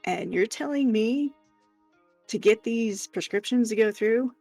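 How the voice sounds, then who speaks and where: A woman chats on a live stream, telling a work story with animated exasperation and the odd curse. Her voice has a gravelly, fry-laden edge, and the sound is close and dry with faint music under it. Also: fairly high pitch, unhurried, dry recording. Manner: exasperated, animated retelling with profanity. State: hiccuping. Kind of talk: casual chat, storytelling.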